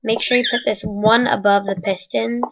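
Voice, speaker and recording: A woman's voice: a little high, fairly even intonation, normal speed. A woman casually narrating a game building tutorial in voice-over, rambling and correcting herself as she goes, with the hiccups. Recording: dull lo-fi mic.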